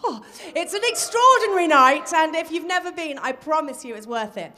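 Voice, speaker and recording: Bright, chatty woman host. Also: high voice, lively intonation, brisk. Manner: chatty, effusive. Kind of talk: live stage introductions.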